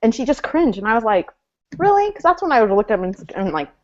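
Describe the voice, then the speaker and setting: A woman's voice: mid-range voice, very animated, fast, highs cut off. A woman co-hosting a casual fan chat over a video call, opinionated and chatty with lots of fillers. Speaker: podcast co-host. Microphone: webcam mic on a video call.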